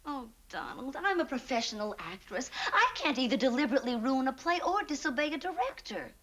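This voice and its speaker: An actress playing an earnest, stammering young actress in a 1960s sitcom. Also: female voice, high-pitched, sing-song, brisk, fairly bright tone, dull audio, heavily acted. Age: young adult.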